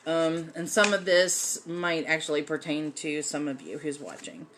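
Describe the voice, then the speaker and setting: Unhurried low-voiced woman teaching magic. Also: a little hiss or hum. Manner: chatty, many um fillers. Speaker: host teaching folk magic. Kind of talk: casual livestream lesson.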